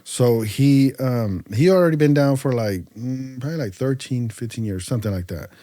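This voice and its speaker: A man from the Central Valley of California tells his story on a podcast, loose and animated, leaning on fillers as he goes. His voice sits at a middling pitch. It is caught close and dry, with no room sound around it. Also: normal speed, no echo. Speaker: podcast guest. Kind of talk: casual storytelling interview.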